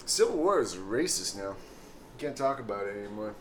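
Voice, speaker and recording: A young man co-hosting a podcast, trading teasing, deadpan sarcastic jabs. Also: fairly low pitch, fairly quick, a little hiss or hum. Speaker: podcast co-host. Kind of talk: casual podcast banter.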